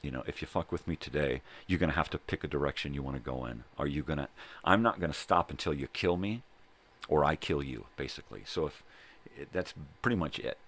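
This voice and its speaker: Very deep-voiced older man, profane storyteller. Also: expressive, brisk, fairly bright tone. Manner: profane, rambling, keeps adding "right?" and "you know?". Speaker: vlog host. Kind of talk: casual personal storytelling monologue. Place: at home.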